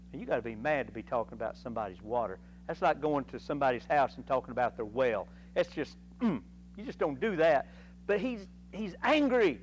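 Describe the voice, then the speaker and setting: A man leads a Sunday school class in a church, reading scripture and then riffing on it in a folksy, animated way. His voice sits a little high for a man. A faint hum runs underneath the recording. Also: moderate pace, rough recording. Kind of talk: Bible lesson.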